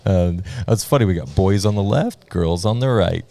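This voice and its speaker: A man's voice: low voice, lively intonation, moderate pace, gravelly, mellow. A man commentating a live sports stream in casual banter, rambling and joking with frequent laughs. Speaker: livestream commentator.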